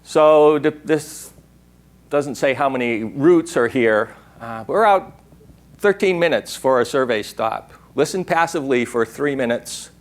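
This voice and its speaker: Slightly slow and medium-pitched, an older man presents a workshop talk at a conference in a lecture room. He's digressive and rambling, sometimes breaking into an owl call.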